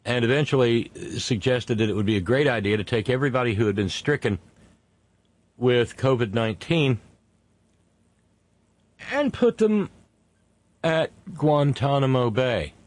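Indignant man with slow emphatic stresses. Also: medium pitch, animated. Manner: indignant, stretches key words slowly for emphasis. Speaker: host. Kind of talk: political commentary monologue.

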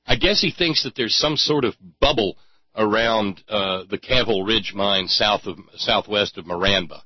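A man's voice: lowish voice, moderate pace, husky, no room sound, dull audio. A man ranting in sarcastic, angry commentary and swearing freely. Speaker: political commentator.

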